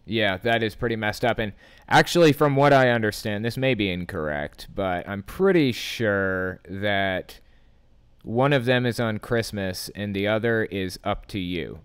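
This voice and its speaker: A man hosts a casual call-in podcast, easygoing and reassuring with his guests. His voice sits low and sounds smooth and clean. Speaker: podcast host.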